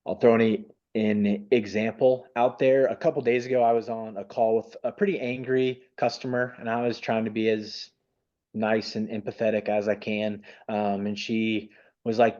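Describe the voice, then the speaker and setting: A man's voice: lowish voice, flat delivery, normal speed, a little mellow, muffled recording. A man who stutters, speaking as a webinar panelist in a casual panel discussion over a video call. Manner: stutters, with repeated sounds and restarts.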